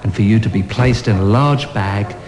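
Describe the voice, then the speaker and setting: An actor playing a cheerful asylum doctor who speaks in a breezy, matter-of-fact way. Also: male voice, on the low side, moderate pace, roomy sound, close to an everyday voice.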